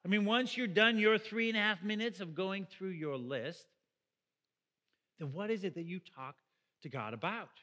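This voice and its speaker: A man's voice: sits high, moderate pace, pushed and bright, in a large hall. A middle-aged man preaching a sermon as pastor, in a conversational way that asks the listeners questions. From Canada.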